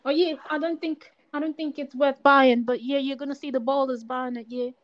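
A high-pitched woman chats casually as a co-host, slangy and teasing, constantly chiming in with agreement. The sound is muffled and lo-fi. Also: steady tone, brisk. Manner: slangy, teasing, frequent "yeah" backchannels. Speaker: podcast co-host. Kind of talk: casual chat. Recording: dull lo-fi recording.

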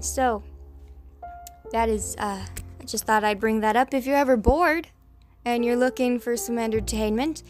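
A young woman hosting a podcast, rambling through the news in a casual, swearing, filler-heavy way. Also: on the high side. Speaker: podcast host.

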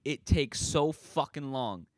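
A man's voice: mid-range voice, lively intonation, takes it slowly, dry recording. Male podcast host, mid-range voice, loose self-mocking ramble, dry close sound. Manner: rambling, self-deprecating, swears casually. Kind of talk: casual solo podcast monologue.

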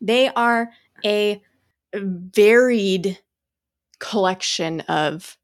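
A young woman co-hosting a casual podcast. She reads a spooky tale aloud, drops into a hushed voice, and swears casually. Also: medium pitch, a little slow, no room sound. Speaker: podcast co-host. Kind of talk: casual chat, reading a story aloud.

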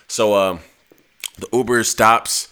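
A man's voice: on the low side, takes it slowly, clean tone. A man on a podcast telling a long, laughing, profanity-filled story in a casual way. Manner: animated, swears a lot, laughs while telling. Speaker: podcast host.

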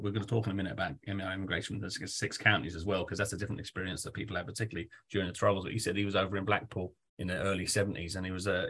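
Fast-talking deep-voiced male host. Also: a bit bright. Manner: rapid, chatty storytelling with casual swearing. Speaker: podcast host. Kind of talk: interview conversation.

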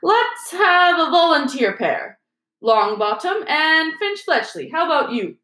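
A woman's voice: sits high, very animated, measured pace, bright, forceful tone, pitched above the performer's own voice, heavily acted. A woman voicing a vain, flustered male wizard teacher, cheery and theatrical, in a roomy recording. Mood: bustling. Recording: roomy echo.

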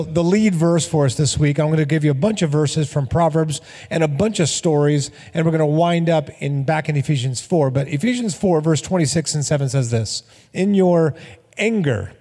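High-voiced pastor preaching in a hall. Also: male voice. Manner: energetic storytelling with acted-out quotes. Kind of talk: sermon.

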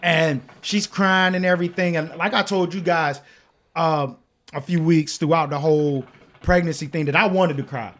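Young guy on a podcast, high voice, acts out the quotes, swears a lot, loose and chatty. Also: normal speed. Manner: animated storytelling, acting out quotes, frequent swearing. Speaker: podcast co-host. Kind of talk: casual chat.

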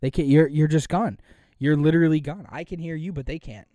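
Brief: a young male podcast host, raised pitch, rambling casual delivery. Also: steady tone, a little fast, warm tone, dry recording, studio quality. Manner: rambling, filler-heavy. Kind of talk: casual sports chat.

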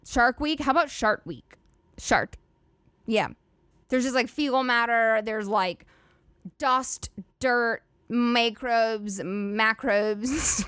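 A woman's voice: a little high, fairly bright tone, no room sound. A woman hosting a solo comedy podcast, rambling and swearing freely with lots of "like" fillers. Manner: profane, rambling, filler-heavy "like" talk. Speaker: podcast host.

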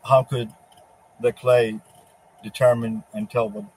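A man's voice: medium pitch, little pitch movement, takes it slowly, a little mellow, breathy edge, low-quality recording. A man giving a profane, mocking religious monologue, speaking as a divine figure taunting Satan. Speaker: religious preacher.

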